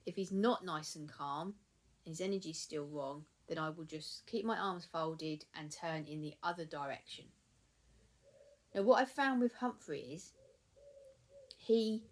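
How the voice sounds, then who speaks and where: A woman giving calm, chatty dog-training advice in a vlog, often repeating herself for emphasis. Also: fairly low pitch. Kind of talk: casual instructional vlog.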